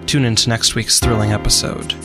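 A man giving dramatic, measured scripted narration for a radio drama. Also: mid-range voice, fairly even intonation, loud music behind the voice.

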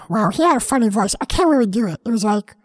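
A woman voicing a dim, rambling young boy who hosts a comedy podcast alone, talking in halting, sidetracked sentences. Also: a little high, lively intonation. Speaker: podcast host.

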